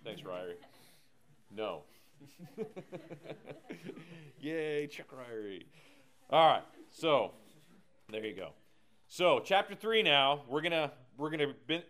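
Male Bible teacher, energetic and digressive, easygoing. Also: medium pitch.

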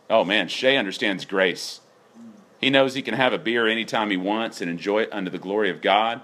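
Animated preacher man. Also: medium pitch. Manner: animated, emphatic preaching with rising exclamations. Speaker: pastor. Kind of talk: sermon.

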